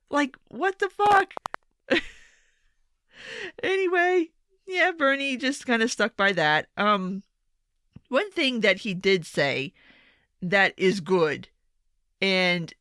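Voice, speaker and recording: A woman's voice: medium pitch, sing-song, slow, fairly bright tone, no room sound, clean studio sound. A young woman giving a casual, sarcastic political commentary monologue, full of swearing and exasperated asides.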